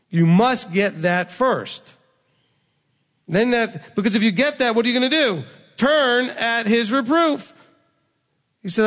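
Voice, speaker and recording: Man preaching, high gravelly voice, long hall reverb, conversational teaching. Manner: conversational, animated, acts out quoted speech. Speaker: rabbi teaching. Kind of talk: sermon teaching.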